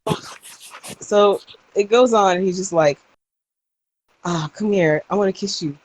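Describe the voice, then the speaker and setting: A woman's voice: mid-range voice, measured pace, darkish tone, rough recording. A young adult woman co-hosting a podcast, telling a story in casual chat and acting out the people she quotes. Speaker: podcast co-host.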